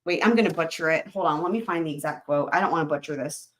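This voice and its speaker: A woman's voice: deep voice, fast talker. A woman hosting a live stream in casual chat, rambling, laughing often and reading comments aloud.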